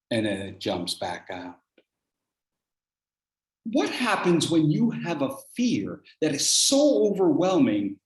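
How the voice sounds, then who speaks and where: A speech contest speaker with a mid-range voice tells a dramatic personal story, acting out each scene. The delivery rises and falls widely, dropping to near-whispers and climbing to shouts. The voice rings with the echo of a roomy meeting room. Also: medium pitch. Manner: animated, acts out scenes, shifts from hushed to shouting.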